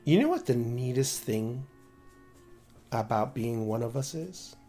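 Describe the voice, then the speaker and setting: A seductive vampire woman, put on by a man at the table, purring her words low and breathy. Her menace creeps in slowly and quietly, like a tabletop game's villain. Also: lively intonation, faint music behind, lightly acted. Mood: sultry. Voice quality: low breathy sultry whisper.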